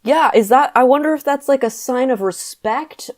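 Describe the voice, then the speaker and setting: A woman's voice: high voice, normal speed. A woman co-hosting a comedy book-roast podcast, reading aloud with wry, sarcastic asides and frequent laughter. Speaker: podcast co-host and reader.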